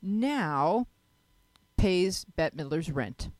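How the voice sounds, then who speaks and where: A woman's voice: fairly low pitch, animated, extremely slow, a little mellow, no room sound. A woman hosting a talk show panel, chatting in a rambling way. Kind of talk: casual panel chat.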